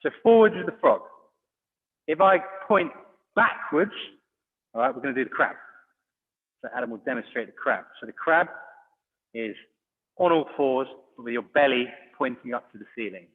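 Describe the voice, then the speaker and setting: A man's voice: medium pitch, animated, normal speed, long pauses, breathy edge. A man coaching a children's online exercise class, encouraging and calling out commands. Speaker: judo coach. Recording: phone-like audio, long hall reverb.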